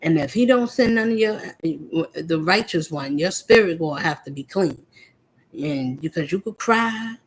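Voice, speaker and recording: A spiritual vlogger, a woman with a lowish, slightly rough voice, delivers an impassioned, preachy monologue that confronts an unnamed listener directly. She speaks at a moderate pace, animated and with few pauses, though the audio quality is poor.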